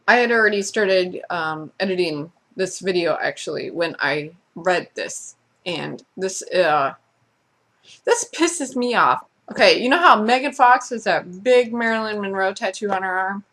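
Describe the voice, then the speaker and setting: A woman's voice: on the low side, a bit bright. A woman vlogger in a casual, sarcastic rant who talks bluntly and swears freely. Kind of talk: casual ranting monologue.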